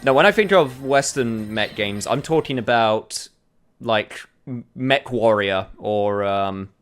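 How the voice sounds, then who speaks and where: A man streaming a game demo, talking casually and excitedly as he plays. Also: smooth, soft background music. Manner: excitable, enthusiastic, quick shifts in pitch. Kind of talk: casual gameplay commentary.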